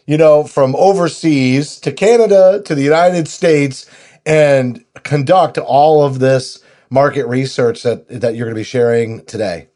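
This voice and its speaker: Male co-host, mid pitch, upbeat promo energy, conversational. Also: darkish tone. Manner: upbeat, promotional, many "you know" fillers. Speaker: podcast co-host. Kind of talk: podcast interview.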